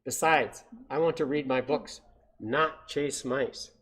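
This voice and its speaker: A stern, grumpy library owl from a storybook read aloud, as a man puts him on. He sounds huffy and drags his words out like a hoot. The voice sits a little higher and louder than the reader's own. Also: slow pace, low-quality recording.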